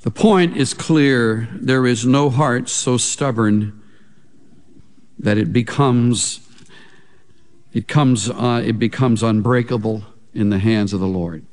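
A man preaching a sermon as a pastor, slow and emphatic, with big swings in pitch and loudness. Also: long reverb tail.

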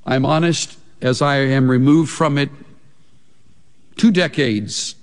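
A man preaching a sermon as a pastor, slow and emphatic, with big swings in pitch and loudness. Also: long reverb tail.

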